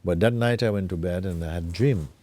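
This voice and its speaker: A man acting as a spiritual teacher, talking gently and unhurriedly in an informal talk, often adding tag questions like "you see". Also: low voice, quick pace.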